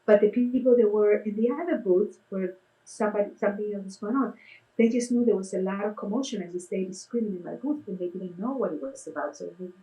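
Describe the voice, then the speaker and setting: A woman's voice: medium pitch, fast talker, low-quality recording. Middle-aged woman chatting about face painting gigs, does the voices when she quotes people. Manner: animated, acts out quotes in a raised voice. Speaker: face painter and clown, interview guest. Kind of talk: casual storytelling.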